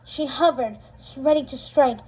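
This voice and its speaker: A woman reading a storybook chapter aloud, steady and expressive, slowing down for dramatic moments. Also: sits high, breathy edge, poor audio. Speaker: storybook reader. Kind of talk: storybook read-aloud narration.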